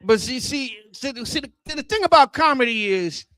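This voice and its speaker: A man in his thirties doing a loose, profane and rambling stand-up comedy set on a club stage, talking into a handheld mic, with sudden loud outbursts. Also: extremely high pitch, lively intonation, brisk, no echo. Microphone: handheld microphone.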